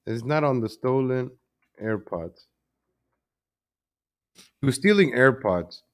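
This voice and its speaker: A man's voice: medium pitch, a bit bright. Casual home streamer, male, chatty, loops phrases, desk mic. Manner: chatty, easily distracted, repeats himself. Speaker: livestream host. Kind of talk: casual live-stream chat. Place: home room at his computer. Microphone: desk microphone.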